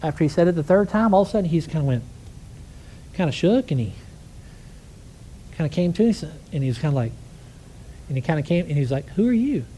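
A man preaching a conversational sermon, telling stories with lively energy and asking the congregation rhetorical questions. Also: a little high, quick pace, pauses often, slight background noise.

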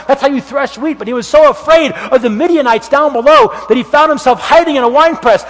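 A high-pitched male preacher gives a lively sermon, telling the story with plenty of acted-out voices and sudden bursts of volume. His voice rings through a large hall with a long, lingering reverb. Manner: animated storytelling, acts out voices with shouts and whispers. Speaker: youth pastor.

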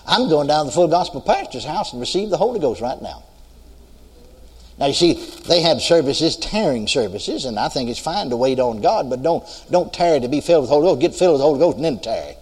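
A man's voice: a little high, very animated, fast, darkish tone, breathy edge. An older man from the United States preaching a sermon, telling a story and asking the congregation if they are listening. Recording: long hall reverb.

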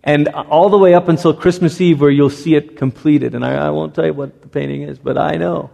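A man delivers a sermon in a relaxed, conversational way, often restarting his sentences. His voice sits a little higher than most men's. The long reverb of a church sanctuary trails after every phrase. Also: fairly quick, creaky. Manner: conversational, with frequent restarts and stumbles. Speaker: pastor.

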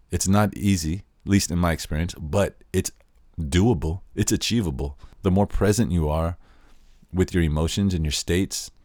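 A man's voice: low voice, darkish tone, no room sound, clean studio sound. A man hosting a podcast, explaining in a casual conversational way and acting out quoted examples. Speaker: podcast host.

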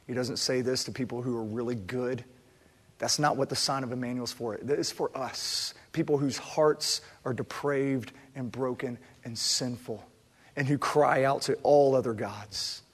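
A man's voice: medium pitch, fairly even intonation, normal speed, breathy edge. Preaching man in a reverberant hall. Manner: builds from quiet reflection to loud impassioned preaching. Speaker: pastor. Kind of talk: sermon. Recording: long reverb of a large hall.

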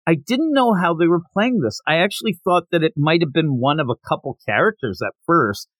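A man hosting a podcast, chatting casually about a manga chapter and acting out the characters' lines in quick bursts. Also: on the high side, lively intonation, a bit bright, no echo. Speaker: podcast host.

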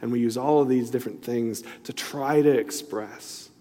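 A man's voice: medium pitch, normal speed, dark tone. A middle-aged man preaching a sermon, telling a personal story in a loose, conversational way with many asides. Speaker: pastor. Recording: long reverb in a large hall.

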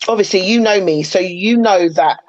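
A woman's voice: medium pitch, moderate pace, darkish tone, highs cut off. A woman in casual podcast chat, chatty and opinionated, retelling moments with animation.

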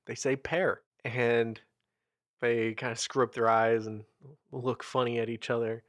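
A man narrating a tabletop role-playing game as game master, with measured, descriptive storytelling. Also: medium pitch, level tone, a bit bright, no echo.

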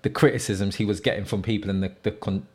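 A man chatting casually as a podcast co-host, relaxed and quick to agree. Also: lowish voice, breathy edge. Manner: relaxed, frequent agreeing backchannels. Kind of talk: casual chat.

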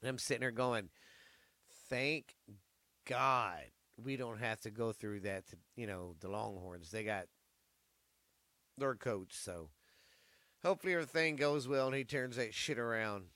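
Bright, profane sports-talk man. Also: medium pitch, unhurried, long pauses, dry recording. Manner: rambling, profane. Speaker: podcast host. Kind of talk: casual sports chat.

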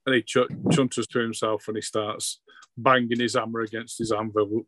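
A man's voice: on the low side, little pitch movement, moderate pace, fairly bright tone, no echo, rough recording. A man, running a tabletop game as game master, narrating hesitantly with many ums.

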